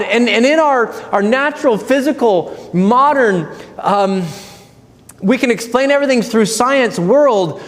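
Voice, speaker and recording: A man preaching a sermon as pastor, earnest, swinging from loud, lively quoted asides to low, hushed emphasis. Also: unhurried, in a large hall. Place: church sanctuary.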